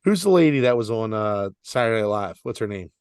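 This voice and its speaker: A man's voice: fairly low pitch, lively intonation, fast talker, smooth, no room sound. Blunt Philly guy ranting, dry mic. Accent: Philadelphia. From Philadelphia area. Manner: blunt, annoyed ranting with swearing. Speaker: podcast co-host. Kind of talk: casual chat.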